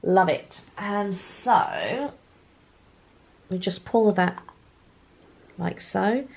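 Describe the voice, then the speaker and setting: A woman's voice: mid-range voice, extremely slow, gravelly, a little mellow, breathy edge. A woman chatting casually at home while eating and showing off afternoon tea. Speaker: vlog co-host. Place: home dining room.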